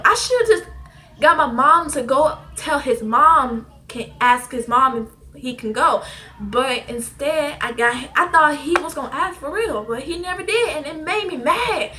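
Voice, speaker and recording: High bright-voiced teenage girl telling a story. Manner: animated, slangy, laughs between lines. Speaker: vlogger. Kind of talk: casual storytelling.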